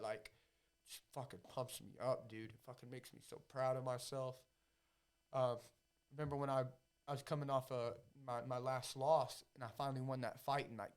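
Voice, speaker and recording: Emotional, profane male podcast guest. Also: medium pitch. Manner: emotional, profane, repeats himself. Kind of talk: casual podcast chat.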